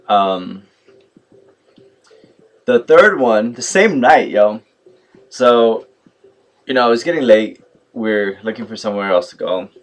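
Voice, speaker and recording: Man telling a story low voice, chatty vlogger. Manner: animated, mimics others in quotes, many fillers like "like" and "yo". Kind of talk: casual storytelling rant.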